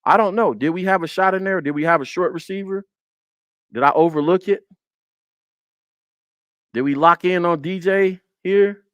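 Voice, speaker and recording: A man's voice: sits high, normal speed, long pauses, fairly bright tone, smooth, no echo, lo-fi sound. A man hosting a casual football film breakdown on a live stream, repeating his points and talking to the chat.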